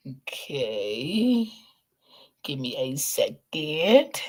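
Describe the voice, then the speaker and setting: A woman's voice: low voice, big pitch swings, drawn-out words, darkish tone. A woman hosting a casual livestream, talking to her chat and greeting viewers by name. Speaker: livestream host.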